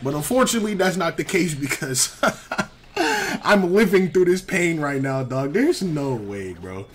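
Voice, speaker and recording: Young male gaming commentator, casual and slangy, exasperated, lively pitch swings. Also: a little slow, breathy edge. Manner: animated, exasperated, heavy slang, frequent repeats.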